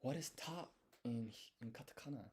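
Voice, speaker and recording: A man's voice: medium pitch, normal speed, a little mellow, breathy edge. A man thinking aloud as he studies, explaining each step and quizzing himself under his breath. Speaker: language learner streaming his study. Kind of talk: thinking aloud while studying.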